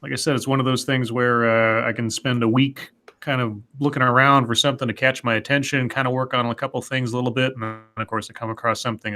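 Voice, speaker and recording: A man's voice: medium pitch, little pitch movement, quick pace, pushed and bright. A man chatting casually as a co-host, rambling with wry, sarcastic asides. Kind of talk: casual commentary chat.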